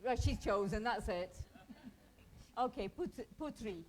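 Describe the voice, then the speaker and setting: A woman's voice: fairly high pitch, animated, unhurried, darkish tone, poor audio. A woman from Pakistan teaching a hospital volunteer workshop, talking conversationally and quizzing the group in a training room.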